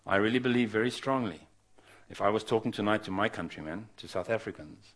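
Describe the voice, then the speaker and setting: Earnest low-voiced man preaching. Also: fairly quick, a bit bright. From not from Australia. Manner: earnest, urging, with frequent restarts. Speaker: visiting preacher. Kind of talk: sermon to an evening gathering.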